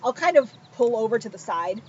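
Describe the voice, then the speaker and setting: A woman telling a story in casual chat, animated and sarcastic, acting out the people she quotes. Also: fairly high pitch, a little fast. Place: outdoors by a pool. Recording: muffled, noisy poolside recording.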